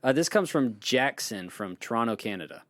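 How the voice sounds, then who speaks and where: A man's voice: medium pitch, animated, moderate pace, a bit bright, no echo. A man co-hosting a comedy podcast, joking around and reading listener questions aloud. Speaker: podcast co-host. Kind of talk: casual podcast banter.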